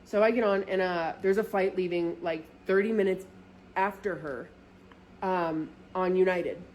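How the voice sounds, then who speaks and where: A woman's voice: measured pace, slight background noise. Chatty swearing woman telling a story. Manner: chatty, heavy filler "like", frequent swearing; acts out quoted friends with lively pitch jumps. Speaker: vlogger. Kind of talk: casual storytime.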